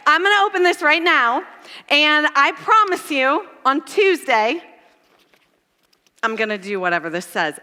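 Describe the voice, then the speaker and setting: Woman church speaker, high bright tone, animated and self-mocking, big reverberant hall. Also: clean tone. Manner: animated, self-deprecating storytelling. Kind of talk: storytelling sermon.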